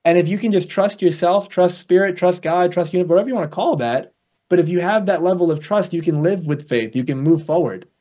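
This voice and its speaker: A man who works as a coach, a guest on a podcast, explaining ideas through lively acted-out dialogues. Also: high-pitched, brisk. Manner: animated storyteller acting out little dialogues. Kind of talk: conversational interview.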